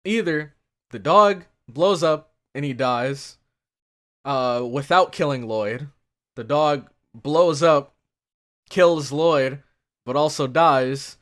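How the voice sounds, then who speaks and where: A man speculating out loud about what happens next in an anime. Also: on the high side, takes it slowly. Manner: speculating, thinking aloud. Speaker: anime reactor.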